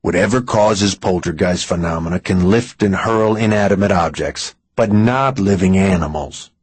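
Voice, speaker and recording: A man voicing a level-headed male companion who questions in a measured, steady way in an audiobook. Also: sits low, slightly rough, dry recording, heavily acted. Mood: calm.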